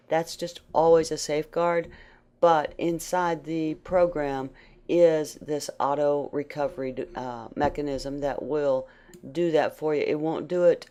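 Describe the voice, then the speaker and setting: A woman leading a casual software tutorial, chatty with many fillers and restarts, her voice worn by allergies. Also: deep voice. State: allergies, voice going in and out. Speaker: computer skills instructor. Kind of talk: screen-share software tutorial.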